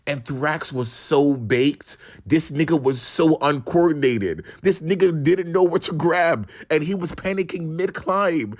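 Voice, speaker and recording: A young man telling a casual storytime in an animated, slangy way, swinging from loud and excited to hushed. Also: on the high side, unhurried, few pauses.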